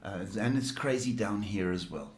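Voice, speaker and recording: A man's voice: fairly low pitch, expressive, moderate pace. Chatty male psychic host, roomy echo. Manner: chatty, reassuring, repeats "okay" and "folks". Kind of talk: live-stream advice chat. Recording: echoey room.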